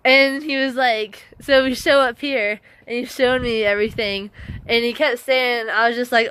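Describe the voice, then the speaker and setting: A woman's voice: a little high, fairly even intonation, normal speed, fairly bright tone, a little hiss or hum. An exhausted, emotional woman hiker vlogging to camera indoors in a half-built shelter, gushing and rambling and often laughing. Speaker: long-distance hiker. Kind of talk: casual vlog, talking to camera.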